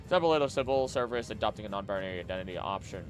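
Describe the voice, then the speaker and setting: A man streaming casually, skimming text aloud quickly with mumbled filler and breaking into loud, heated rants. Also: medium pitch, lively intonation, faint music behind. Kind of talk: casual live-stream chat, reading aloud.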